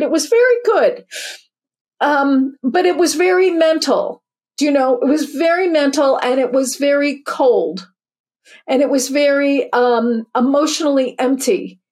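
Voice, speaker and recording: Her voice is high-pitched and a little mellow. She's a spiritual teacher and author, fifty or older, sharing her story in an interview with an earnest, conversational manner and frequent restarts.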